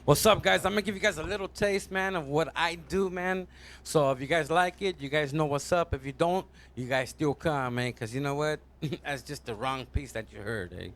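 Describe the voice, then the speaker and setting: A man's voice: fairly high pitch, normal speed, a bit bright. A man telling a stand-up joke in a loose, slangy way, tagging nearly every phrase with "man" or "homie". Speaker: comedian. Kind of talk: stand-up storytelling.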